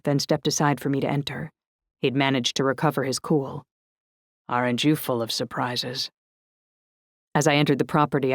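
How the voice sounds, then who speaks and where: A woman narrating an audiobook in the first person, steady and descriptive. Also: sits low, no room sound, clean studio sound.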